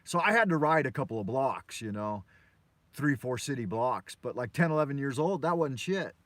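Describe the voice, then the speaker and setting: A man's voice: medium pitch, lively intonation, moderate pace, a bit bright, no echo. Rambling, swearing American man in his car. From Los Angeles, USA. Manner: loose, profane, meandering, full of fillers. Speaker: host of a live morning show. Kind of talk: rambling live-stream storytelling. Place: in a car on a morning drive.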